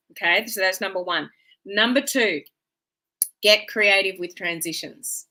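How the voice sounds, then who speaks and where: A woman hosts a live social media stream, her voice bright and clear, talking casually to her viewers. She is chatty and welcoming, greets people by name and checks in with a friendly "okay?". She sounds middle-aged and speaks as if into a webcam. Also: fairly low pitch.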